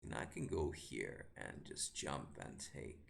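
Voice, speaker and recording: A man's voice: very deep voice, sing-song, takes it slowly, gravelly, few pauses, a little hiss or hum. A man, a chess grandmaster streaming live, commentating a game while firing exasperated rhetorical questions at the board and muttering move lines to himself.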